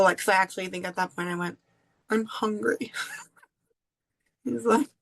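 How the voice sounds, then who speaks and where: A woman podcast host telling a personal story in an earnest, confessional way with drawn-out pauses. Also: mid-range voice, a bit bright.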